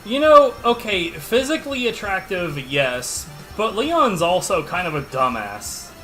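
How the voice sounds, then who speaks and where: A man's voice: sits high, very animated, a little slow, sharp tone. A man streaming a game, chatting casually and answering viewers' questions in an offhand, sarcastic way. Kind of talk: casual livestream chat while gaming. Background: game music.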